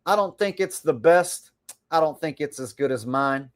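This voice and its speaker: A man's voice: on the high side, lively intonation, normal speed. A man hosting a livestream, talking in a boastful, rambling way as he comments on clips. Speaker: livestream host. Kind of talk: casual stream commentary.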